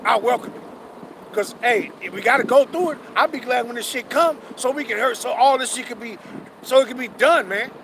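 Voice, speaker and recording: A man with a high voice preaches hard on a city street, swearing freely and circling back over his points. He slows right down when he reads the verses. Heavy traffic and street noise run loud behind him. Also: vocal fry. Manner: fervent, profane, repeats himself, reads verses slowly. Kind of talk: street sermon with scripture reading.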